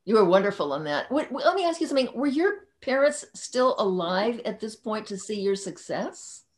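A woman's voice: medium pitch, big pitch swings, normal speed. Effusive woman interview host. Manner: effusive, gushing reactions, chatty tangents.

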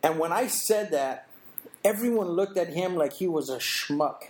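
A man's voice: fairly high pitch, expressive. Reflective middle-aged man telling his story. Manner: thoughtful, halting restarts, acts out quoted voices. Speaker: interview guest.

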